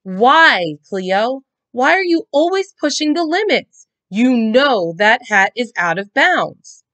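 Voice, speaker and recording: A woman voicing a stern mother who scolds in a sharp, firm voice. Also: medium pitch, lively intonation, unhurried, pitched above the performer's own voice. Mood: scolding.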